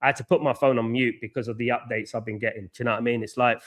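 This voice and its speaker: A man hosting a live watchalong, outspoken and animated, reading chat and ranting with lots of "you know what I mean.". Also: mid-range voice, rapid-fire. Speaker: fan channel host.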